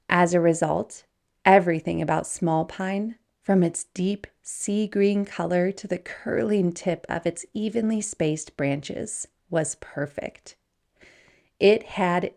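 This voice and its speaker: Slow, gravelly woman reading a storybook. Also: on the low side. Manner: gentle, unhurried read-aloud with soft hushed passages.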